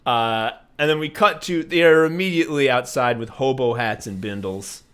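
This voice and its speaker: Excitable laughing man recapping a comedy. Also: mid-range voice, normal speed, smooth. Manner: laughs often while retelling scenes; swears casually, excitable. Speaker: podcast co-host. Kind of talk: casual comedy podcast chat.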